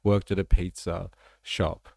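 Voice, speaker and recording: A man's voice: sits low, little pitch movement, a little slow, creaky, a little mellow, no echo, studio quality. A man with an Australian accent hosting a casual livestream, chatting loosely with viewers in slang. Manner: chatty, slangy, reacts to chat. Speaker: livestream host.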